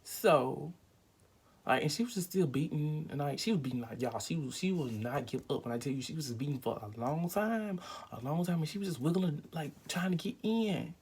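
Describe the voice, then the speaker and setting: A man's voice: on the high side, animated, brisk, darkish tone, slightly rough. A young man telling a rambling, emphatic storytime vlog at home, full of fillers and acted-out quotes. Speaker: vlogger.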